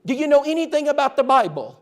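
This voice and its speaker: A chatty young newlywed woman, as a man puts her on, talking high and excitable. Her voice jumps way up and swings all over the place. She stays bright and eager the whole time. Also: fast.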